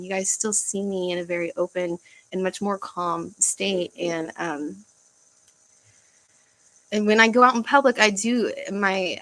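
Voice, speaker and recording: Young woman, casual home livestream host, halting delivery with fillers and sighs. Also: mid-range voice, a bit bright, low-quality recording. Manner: halting, searching for words, frequent fillers and sighs. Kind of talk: casual livestream chat reading comments.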